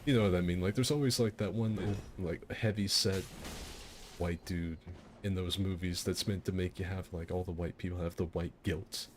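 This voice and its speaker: A low-voiced man hosts a game fight night stream, chatting casually. He rambles, restarts his sentences and laughs at his own stories. A faint hum of noise sits under his voice. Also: steady tone, normal speed. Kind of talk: casual storytelling over gameplay.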